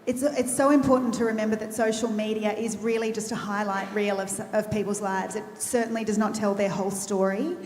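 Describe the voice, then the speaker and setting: A woman's voice: mid-range voice, steady tone, brisk, hardly any pauses, a little mellow. A woman with an Australian accent, speaking earnestly and personally as a panelist, with frequent restarts. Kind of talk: conversational panel talk. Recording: long reverb of a large event hall.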